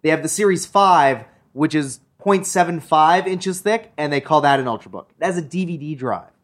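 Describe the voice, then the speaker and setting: A man's voice: fairly high pitch, normal speed. A man from Canada in a casual tech chat, arguing his point in a worked-up way. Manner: argumentative, worked up.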